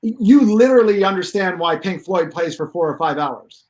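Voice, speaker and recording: A man with a fairly high voice tells long stories with real energy. He talks emphatically and wanders into asides as a guest expert on pain relief. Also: animated, normal speed, a little mellow, poor audio. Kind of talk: animated storytelling.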